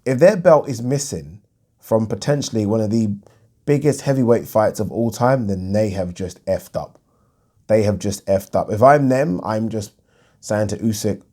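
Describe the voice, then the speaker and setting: Man, low voice, dark mellow tone, casual boxing news chat, thinks aloud. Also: moderate pace. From United Kingdom. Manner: chatty and blunt, thinking aloud with frequent ums. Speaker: boxing channel host.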